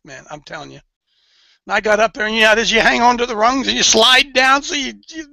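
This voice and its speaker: A man's voice: high-pitched, bright, forceful tone, no room sound, low-quality recording. A man leading an informal sermon for a men's group, folksy and emphatic, repeating his key phrases for weight. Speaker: men's ministry leader.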